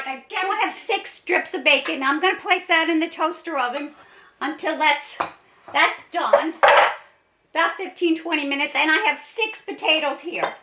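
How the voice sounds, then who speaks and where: Cheerful and chatty, this cooking vlog host laughs a lot as she walks through a casual recipe in her home kitchen. Her high-pitched voice is bright and forceful at a moderate pace, with a little hiss or hum. The distant mic gives the kitchen a roomy sound.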